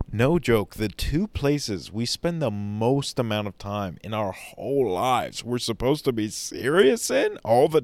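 A man's voice: on the low side, dry recording. A man hosting a solo podcast, rambling in an enthusiastic, preachy motivational way. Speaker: podcast host.

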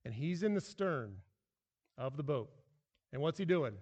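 A man preaching a sermon as pastor, animated and emphatic, with frequent restarts. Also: a little high, a little slow, long reverb tail, dull audio.

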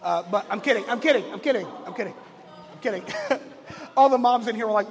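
High-voiced joking pastor. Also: male voice, fast, big-room sound. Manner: casual storytelling, joking. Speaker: lead pastor. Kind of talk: conversational sermon. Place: church.

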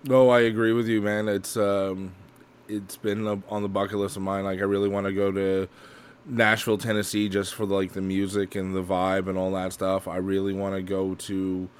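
A man co-hosting a podcast, chatting casually, swearing freely and slipping into quick impressions. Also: low-pitched, level tone, a little hiss or hum. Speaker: podcast co-host.

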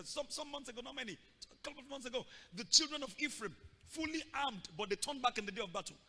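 A man preaches in a high, piercingly bright voice. He acts out the story and breaks into loud shouts. The sound rings with the long reverb of a big hall. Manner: dramatic, acting out scenes with shouts and sudden loud bursts. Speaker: pastor. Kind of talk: sermon. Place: church hall.

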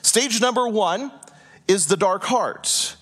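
A man with a high voice delivers a sermon to a congregation in a church hall. He speaks earnestly and deliberately, pausing for effect and acting out imagined prayers in a softer, lower voice. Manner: earnest preaching with dramatic pauses, voicing imagined prayers. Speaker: pastor.

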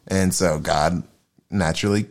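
Man, low voice, podcast host, casual monologue, profane, rambling, self-deprecating. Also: fairly even intonation, a little slow.

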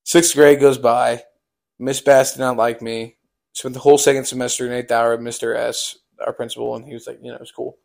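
A man's voice: mid-range voice, level tone, fairly quick, creaky, a little mellow. A young man telling a casual storytime on a podcast, rambling with lots of fillers.

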